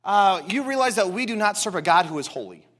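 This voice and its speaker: A man preaching a sermon to a congregation in an animated, emphatic way, repeating words for stress. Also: high voice, a little fast. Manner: excitable, talks directly to congregation. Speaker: pastor.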